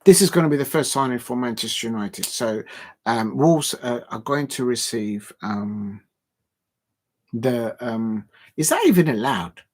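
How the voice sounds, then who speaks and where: A man hosting a football livestream in casual chat, rambling and halting with many fillers and frequent chuckles. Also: medium pitch, darkish tone.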